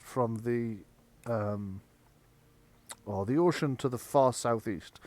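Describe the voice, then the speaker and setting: A man's voice: medium pitch, darkish tone, dry recording. A man narrating as game master for a tabletop game, rambling with many fillers as he describes the world.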